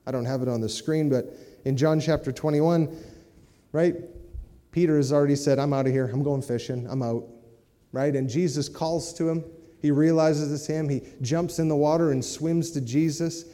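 A man's voice: on the high side, steady tone, moderate pace, warm tone. A man preaching a sermon in a conversational way, often checking in with his listeners by asking "right?" and "amen?". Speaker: pastor. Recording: long hall reverb.

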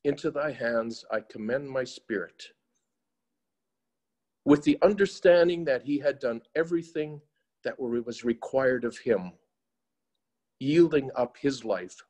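Male reader doing a grave, gentle professor; slow, solemn, mid-range voice. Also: medium pitch, lively intonation. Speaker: teacher.

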